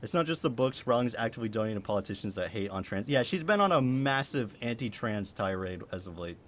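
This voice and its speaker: A man's voice: on the low side, fast talker, slight background noise. A young man streaming a game, talking casually, laughing and swearing often. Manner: animated, swears, laughs a lot. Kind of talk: casual gameplay commentary.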